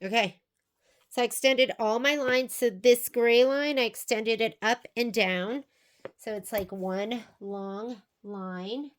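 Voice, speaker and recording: A woman with a somewhat high voice walks through a quilting project step by step. She is chatty and thinks aloud as she goes. Now and then she drifts away from the mic while she works. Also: takes it slowly. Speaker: sewing instructor. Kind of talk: quilting tutorial.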